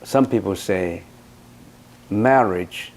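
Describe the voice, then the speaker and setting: A man's voice: sits low, drawn-out words, a little mellow. A man as a Buddhist teacher, giving an emphatic dharma talk that answers questions with rhetorical questions.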